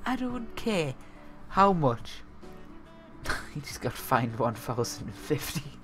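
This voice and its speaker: Young male gaming host, unhurried delivery, commentates his own match, excitable, faint background music. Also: medium pitch. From north-east England. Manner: excitable, swings from muttering to shouting and laughing. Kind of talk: let's-play commentary over a football management game.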